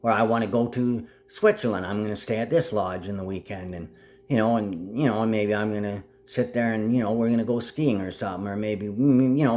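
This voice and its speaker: A man talks straight to the camera in a loose, rambling monologue, his voice sitting a little low. He drops into low mutters and half-finished sentences, then jumps into sudden high, loud outbursts. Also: fairly quick. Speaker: vlogger.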